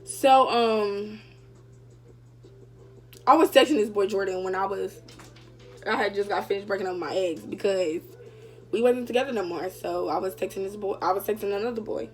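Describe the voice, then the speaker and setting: A woman's voice: medium pitch, normal speed, long pauses, faint music behind. A young woman vlogger casually telling a story to her viewers, chatty and full of fillers. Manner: chatty, addresses viewers directly, many fillers.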